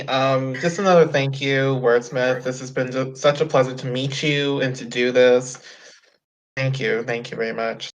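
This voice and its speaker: A podcast co-host speaking casually and loudly in a giggly, relaxed way. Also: medium pitch, normal speed, highs cut off. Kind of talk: casual interview talk.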